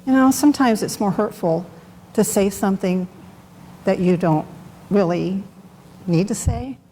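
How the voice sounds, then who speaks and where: A woman's voice: medium pitch, measured pace, dark tone. A middle-aged woman speaking at a Bible study, giving an unscripted, candid personal testimony in a conversational way. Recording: long hall reverb, faint background noise.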